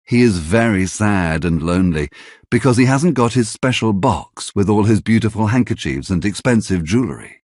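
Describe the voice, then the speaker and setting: A man narrating a graded reader story slowly and clearly for language learners. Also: on the low side, lively intonation, darkish tone, dry recording, clean studio sound.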